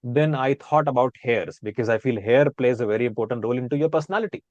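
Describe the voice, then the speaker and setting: A man with an Indian accent explains how words are pronounced, saying example words again and again to make each sound clear. His voice sits at an ordinary middle pitch. The sound is dry and close, with no room echo. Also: fast talker, darkish tone, dull audio. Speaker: guest speaker on accents. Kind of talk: casual explanatory chat.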